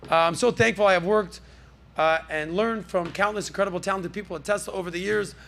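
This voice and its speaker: A man's voice: sits high, steady tone, fast, gravelly, fairly bright tone. A man hosting a casual pop-culture podcast, riffing in a brash, jokey, salesman-like way from a podcast studio. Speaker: podcast host.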